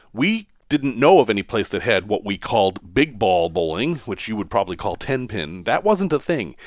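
A man's voice: mid-range voice, no echo, studio quality. A man, telling personal stories as a podcast host in a casual monologue and chuckling often. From Massachusetts, USA.

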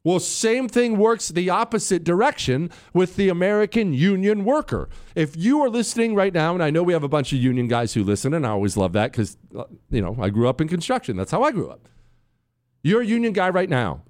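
A man's voice: high-pitched, fairly quick. A middle-aged man hosting a political talk show, delivering an opinionated monologue and calling out to his producers and listeners. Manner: animated, opinionated, addresses producers and listeners directly.

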